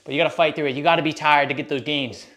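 Breathless high-voiced young man streaming. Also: fairly even intonation, racing, a bit bright. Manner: hyped, casual bro talk to chat. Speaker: fitness streamer. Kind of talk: live workout stream chat.

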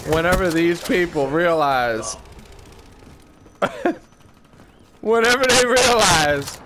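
A man's voice: high voice, noisy background. A man giving live commentary over a shooter game, ranting profanely and drawing out mocking chants. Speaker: gameplay commentator. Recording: loud game gunfire behind the voice.

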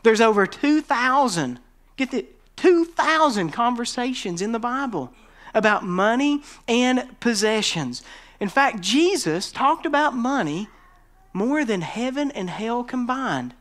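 A man's voice: sing-song, measured pace. Emphatic preaching pastor, man. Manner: emphatic preaching, drops to a low quiet voice for scripture. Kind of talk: sermon.

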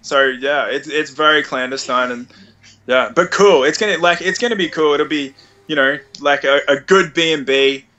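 A man's voice: on the high side, moderate pace, lo-fi sound. A man co-hosting a podcast, talking casually and loosely with lots of fillers. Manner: relaxed, filler-heavy talk. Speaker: podcast co-host. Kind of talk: casual chat.

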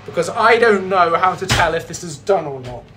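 Against a noisy background, a man from Britain speaks at a moderate pace in a high voice with lively intonation. As a livestream host running a casual baking stream, he jokes, rambles, and pokes fun at himself while chatting with viewers.

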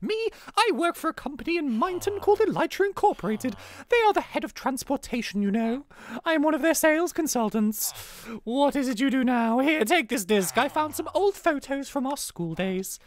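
A woman's voice: sits high, lively intonation, normal speed, voice pushed up. A woman doing a prim posh lady. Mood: polite. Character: posh lady sales consultant, polite.

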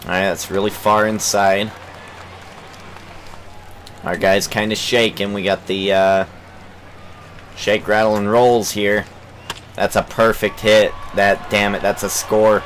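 Low-voiced slow-talking gamer swearing at his team. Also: little pitch movement, some chatter behind, a little hiss or hum, rough recording. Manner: swears and shouts in frustration at the game. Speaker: gaming channel host. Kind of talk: let's play commentary.

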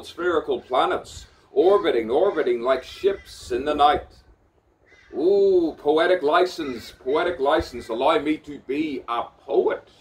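A man's voice: fairly high pitch, recorded from a distance. A man rambling in an improvised spoken-word monologue, theatrical, swearing freely and repeating words over and over.

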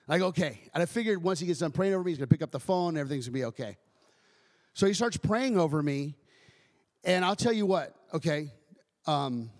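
Man giving an animated church testimony. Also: fairly high pitch, long reverb tail. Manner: animated storytelling, acting out quoted voices, frequent restarts. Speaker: guest speaker, ministry director.

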